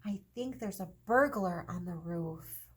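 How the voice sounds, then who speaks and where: A woman voicing a small, anxious young boy mouse who calls out and pleads, with a slightly husky voice. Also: fairly low pitch, animated, unhurried. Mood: anxious calling.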